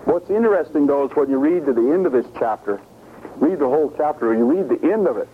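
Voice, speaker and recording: In a sermon-style Bible study, a man preaches emphatically and poses questions to his listeners. His voice is slightly high, animated and fast. The recording sounds lo-fi and phone-like, with a faint hiss.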